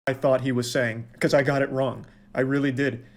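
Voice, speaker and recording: A man's voice: medium pitch, level tone, normal speed. A man speaking in a candid, crude, conversational way in his own commentary video, played back on a stream. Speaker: video creator.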